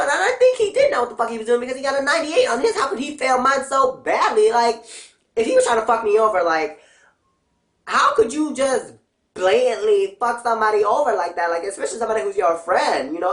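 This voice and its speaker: Young woman ranting bluntly in a roomy space. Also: on the high side. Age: young adult. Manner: profane, blunt, animated ranting. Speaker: vlogger. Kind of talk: casual ranting vlog. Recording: roomy echo.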